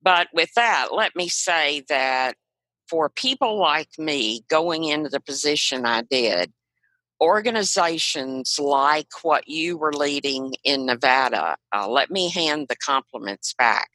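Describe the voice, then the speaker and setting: An older woman with a strong Southern accent recounts her experiences frankly as an interview guest. Her voice is bright and forward, recorded dry and close. She speaks with plain, confident candor. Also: sits low, animated, takes it slowly, no room sound, rough recording. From South Carolina and Arkansas, US. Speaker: guest, retired non-profit leader. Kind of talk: storytelling in a podcast interview.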